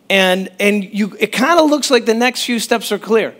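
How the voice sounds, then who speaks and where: High-voiced man preaching conversationally. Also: normal speed, hardly any pauses. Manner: conversational, animated, breaks off mid-sentence. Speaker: pastor. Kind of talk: sermon.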